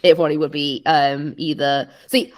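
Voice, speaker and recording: Chatty low-voiced woman co-host. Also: flat delivery, moderate pace, no echo. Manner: enthusiastic, chatty. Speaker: podcast co-host. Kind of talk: casual chat about games.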